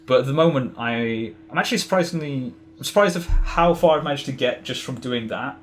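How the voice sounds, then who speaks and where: A man's voice: mid-range voice, brisk. A man chatting casually as a podcast guest, rambling with lots of fillers and restarts. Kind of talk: casual interview chat.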